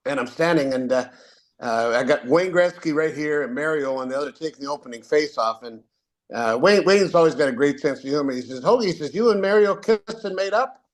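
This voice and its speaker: Speaking at a brisk clip in a medium register, this retired Canadian hockey ref, an older guest, wanders through casual stories. He leans on fillers and keeps restarting his sentences.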